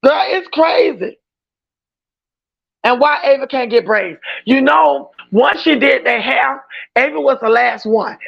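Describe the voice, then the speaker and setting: A woman's voice: sits high, measured pace, creaky, husky, muffled recording. A woman hosting a casual livestream reaction chat, talking in an emphatic, outspoken way and often raising her voice.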